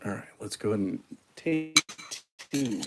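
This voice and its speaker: A man's voice: mid-range voice, lively intonation, normal speed, heavy background noise. Chatty self-mocking man. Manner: self-deprecating, chatty, laughs at himself. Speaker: coffee channel host. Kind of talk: casual livestream chat while making espresso.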